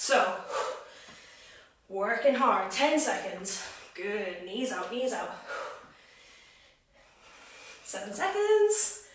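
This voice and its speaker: A woman fitness coach leads a workout from her home, counting down each set with upbeat cues and chatty asides. She is out of breath, and her fairly high voice sits well back from the mic in a very echoey room with a little noise behind. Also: a bit bright, recorded from a distance. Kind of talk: live workout instruction.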